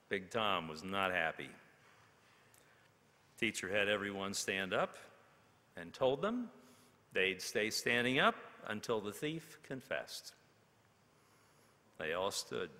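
A man preaching a sermon, telling a story in a slow, dramatic way with long pauses. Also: low voice, animated, creaky, sharp tone. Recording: long hall reverb.

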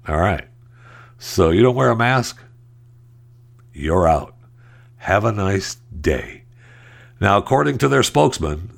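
A man hosting a podcast, talking in a casual, sarcastic commentary style with rambling restarts and mocking asides. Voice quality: deep gravelly voice. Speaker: podcast host.

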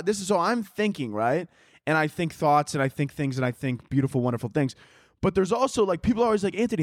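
A man's voice: on the high side, no room sound, studio quality. A young man hosting a solo comedy podcast, rambling and self-mocking, swearing freely and jumping between tangents while holding his microphone. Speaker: podcast host. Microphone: handheld microphone.

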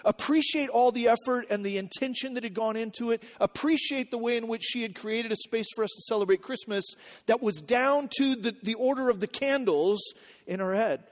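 A man's voice: very high voice, brisk. A male pastor preaching a sermon in an earnest teaching manner, repeating key phrases and checking that the congregation follows.

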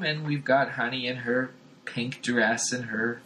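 Podcast guy chatting about comics, bright forceful voice, laughs a lot. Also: mid-range voice, steady tone, measured pace. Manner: laughs often, recaps with voices. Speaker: podcast host. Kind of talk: casual comic book chat.

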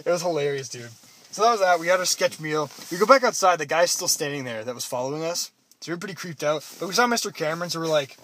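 A man's voice: a little high, quick pace, a little hiss or hum. A young man from Canada casually telling a story to a friend, acting out the people in it. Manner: animated, acts out quotes in loud put-on voices.

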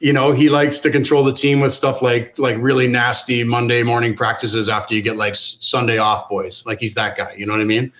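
A man who played hockey, a podcast guest speaking candidly and in a measured way in casual chat, with frequent restarts. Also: mid-range voice, flat delivery, a bit bright, poor audio.

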